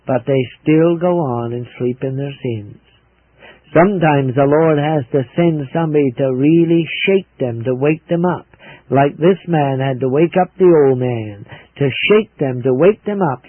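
An earnest male preacher tells a gospel story to children, stressing key words as he goes. His voice is husky and a little raised. It comes across thin and phone-like on a dry radio recording. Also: a little high, dry recording.

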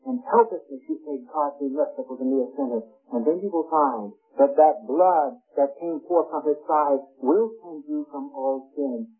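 A man's voice: on the high side, moderate pace, few pauses, breathy edge. A man preaching a sermon, earnest and emphatic, rising hard on his key words. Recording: tinny lo-fi radio broadcast with faint music.

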